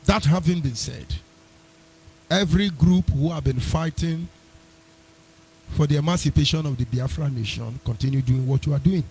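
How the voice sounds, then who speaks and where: Male radio host, high husky voice, combative and mocking, sing-song jabs. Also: moderate pace, long pauses, darkish tone. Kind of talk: live internet radio commentary.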